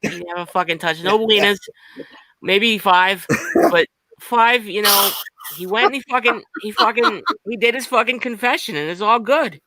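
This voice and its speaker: A man's voice: sits high, normal speed, bright, forceful tone, no echo, rough recording. A man putting on a Boston accent to play a crude, foul-mouthed Boston tough guy in a rambling improvised comedy bit. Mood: mock-defensive. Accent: put-on Boston. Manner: rambling, swearing in nearly every phrase. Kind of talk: improvised comedy bit on a live web show.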